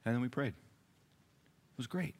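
A male pastor preaching a sermon in a church, earnest and personal, moving between raised emphasis and hushed, near-whispered passages. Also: mid-range voice, takes it slowly, vocal fry. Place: church sanctuary.

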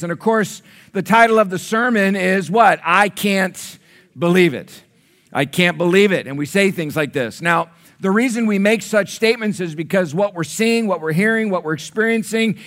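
A man's voice: high voice, fairly bright tone. A man preaching a sermon in a playful, conversational way, joking with and questioning his congregation. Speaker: pastor.

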